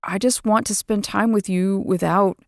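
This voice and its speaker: A woman's voice: medium pitch, fairly even intonation, normal speed, creaky, no echo, clean studio sound, natural voice. A woman voicing a stern, brooding young man who growls his words through his teeth in an audiobook. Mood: pained. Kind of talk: audiobook character voice.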